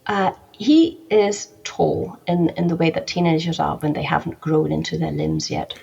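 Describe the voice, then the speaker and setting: A woman's voice: sits low, normal speed, vocal fry, darkish tone, breathy edge. A woman narrating as game master of a tabletop game, hesitant, with many ums and restarts. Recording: dull lo-fi recording.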